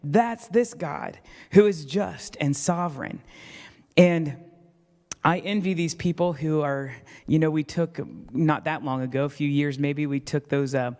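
A male pastor preaches in a church, his slightly high voice ringing with a long hall reverb. He tells a story about himself with self-deprecating humor and acts out the people in it. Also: a little slow, a little mellow. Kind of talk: sermon.

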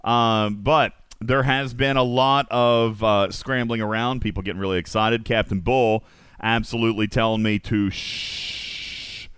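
A man's voice: fairly low pitch, unhurried, clear, resonant tone, no room sound, studio quality. A man hosting a live stream, reading comedic news and joking with friends in a playful, teasing way. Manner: playful, joking, animated, drifts into silly asides. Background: music playing behind.

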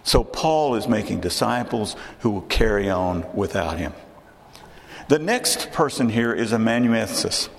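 A man's voice: lowish voice, animated, unhurried, gravelly, in a large hall, a little hiss or hum. A man with a Texan accent preaching a sermon in a conversational way, often repeating and restarting phrases. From Texas.

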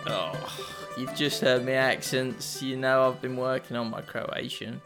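A man's voice: medium pitch, steady tone, a little slow, over music. A young man co-hosting a podcast, taking a quiz in casual banter, joking and swearing freely. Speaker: podcast co-host answering quiz questions.

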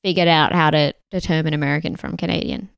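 A woman's voice: deep voice, steady tone, quick pace, creaky, smooth, no echo. A woman co-hosting a podcast in casual chat, teasing and often giggling.

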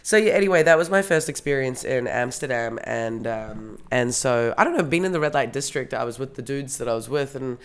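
A woman's voice: extremely low pitch, a little fast, hardly any pauses. A woman telling a story in casual podcast chat, rambling with lots of fillers and restarts. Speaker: podcast co-host.

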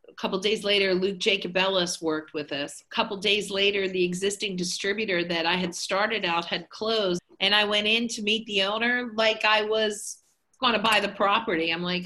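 A woman's voice: medium pitch, fairly even intonation, moderate pace, sharp tone. A woman being interviewed as a hair educator, talking casually and rambling with lots of fillers. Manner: chatty, rambling, many fillers.

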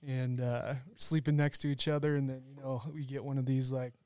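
A man's voice: medium pitch, little pitch movement, fairly quick, warm tone, smooth, no room sound. A man, a podcast guest chatting casually and laughing as he tells a story. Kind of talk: casual chat.

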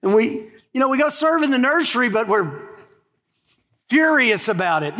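Man in his sixties, pastor, sermon, high-pitched voice, folksy conversational delivery. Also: big pitch swings, normal speed, fairly bright tone. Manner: conversational, folksy preaching with asides to the congregation.

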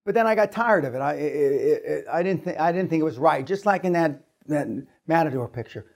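Man, seminar speaker, higher-pitched voice, profane, acts out sound effects, storytelling to a room. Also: expressive, a little fast, creaky. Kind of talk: storytelling to a live audience.

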